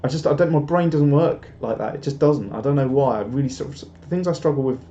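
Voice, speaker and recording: A man's voice: medium pitch, fast talker, mellow. British guy rambling thru viewer comments on a live stream, laughs at himself a lot, dull muffled audio. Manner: rambling, self-deprecating, chuckles often. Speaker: YouTuber hosting a live stream.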